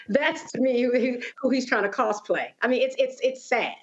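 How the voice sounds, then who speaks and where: A woman's voice: a little high, normal speed, lo-fi sound. A woman panelist in casual talk show discussion, sarcastic and disapproving.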